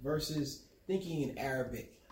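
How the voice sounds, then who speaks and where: A man's voice: medium pitch, normal speed, roomy sound, recorded from a distance, slight background noise. An American man hosting a casual interview, encouraging his guest and chiming in often. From United States. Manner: encouraging, chimes in with short backchannels. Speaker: host.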